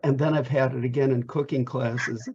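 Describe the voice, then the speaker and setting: A man's voice: medium pitch, fairly even intonation, moderate pace, a little mellow, breathy edge. A man hosting an online talk, giving closing thanks in a rambling, jokey way with many repeated words. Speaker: host of a lecture program. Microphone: video call. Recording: dull, lo-fi video call audio.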